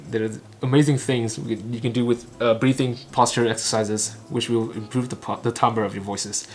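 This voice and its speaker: This man, a native Vietnamese speaker from Vietnam, is an English learner and channel host shadowing a recorded talk line by line. He proceeds haltingly in clipped phrases, often tripping up and beginning again. His intonation is fairly even and his voice mid-range, with soft music playing behind.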